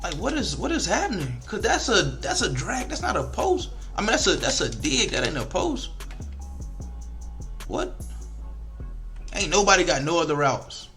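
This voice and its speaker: Young male gamer, slightly high, bright voice, salty casual commentary, faint music bed. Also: moderate pace, pauses often. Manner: frustrated, animated, swears a lot, African American Vernacular English speech patterns. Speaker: video game streamer.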